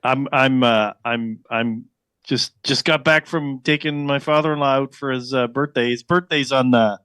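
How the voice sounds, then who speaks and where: A middle-aged man calling in to a podcast, chatting casually and halting, repeating words as he starts his sentences. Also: mid-range voice, steady tone, a bit bright, smooth, no room sound, studio quality. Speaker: show regular calling in. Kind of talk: casual chat.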